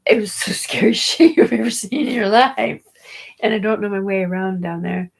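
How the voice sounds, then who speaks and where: A woman's voice: medium pitch, normal speed, vocal fry, low-quality recording. A woman telling a rambling personal story about her daughter, full of fillers, restarts, casual swearing and laughs. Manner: chatty and digressive, with frequent fillers and restarts.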